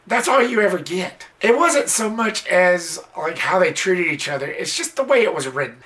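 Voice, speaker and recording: A movie reviewer giving a casual, blunt spoken film review, exasperated and swearing a little, sometimes jumping into high squealing impressions. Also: lively intonation, normal speed, few pauses, a bit bright. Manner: mimics characters in sudden high squeals.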